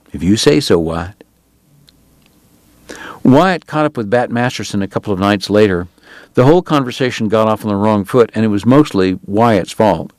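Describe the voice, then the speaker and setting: A man narrating an audiobook in a steady, even storytelling manner. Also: lowish voice, clear, resonant tone, no echo, studio quality.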